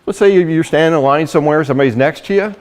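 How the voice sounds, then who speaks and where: A middle-aged man giving a lively sales training talk, acting out conversations and laughing often. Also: fairly high pitch, racing. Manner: animated storyteller, acts out dialogue, laughs often.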